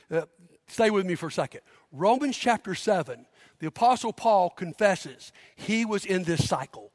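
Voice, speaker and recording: High-voiced pastor preaching. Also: male voice, fairly bright tone, clean studio sound. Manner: emphatic, leads the congregation in call-and-response. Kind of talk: sermon. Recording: long hall reverb.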